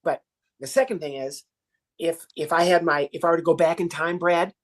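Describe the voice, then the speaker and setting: A man's voice: fairly high pitch, moderate pace. A man in his sixties, guest on a casual podcast, explaining ventriloquism in a playful, loose way. He jokes as he goes and keeps the talk light. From Chicago. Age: 60s. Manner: playful, lively, slips into character bits.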